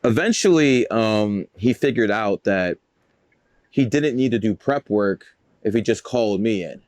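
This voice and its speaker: A man with a fairly low voice spins loose, boastful stories, swearing freely and wandering off track. The sound is dry and close, with no room around it. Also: lively intonation, measured pace, a little mellow, no echo. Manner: boastful, profane, rambling. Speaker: guest, numerologist. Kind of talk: casual storytelling interview.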